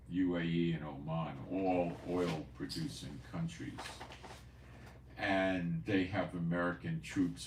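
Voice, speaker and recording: A man's voice: low-pitched, reverberant, distant mic, background noise. A man hosting a prophecy news channel, talking casually and rambling, repeating himself now and then. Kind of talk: casual commentary. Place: home in Israel.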